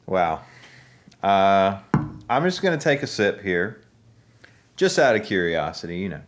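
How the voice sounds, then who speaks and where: A man giving casual, joking taste-test commentary as a host, rambling and halting with fillers. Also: low-pitched, very animated. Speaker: musician reviewing drinks.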